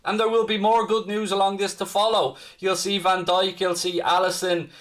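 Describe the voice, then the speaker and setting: A man with a fairly high voice hosts a live fan stream. He chats in a loose, upbeat way and picks up viewer comments as he goes. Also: flat delivery, normal speed, a bit bright. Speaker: fan channel host.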